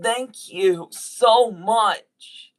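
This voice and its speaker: A YouTube voice actor speaks to the camera in an apology video at a medium pitch. His delivery is sincere and halting, with sentences often begun again mid-apology.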